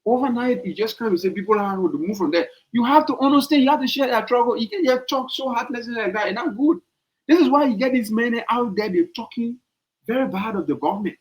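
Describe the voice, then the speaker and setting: A man's voice: very high voice, animated, fast talker, rough recording. A man with a Liberian accent hosting a podcast, giving opinionated political commentary with emphatic repetition and rhetorical questions. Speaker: podcast host.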